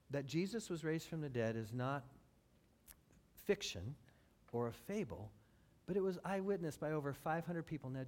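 Man preaching a sermon, slightly high voice. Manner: swings between loud emphatic build-ups and low quiet passages. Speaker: pastor.

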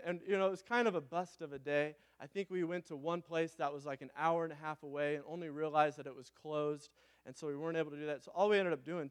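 A young man, a pastor, giving a sermon with personal stories that rise into fervent preaching. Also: fairly high pitch. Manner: storytelling, rising to fervent preaching.

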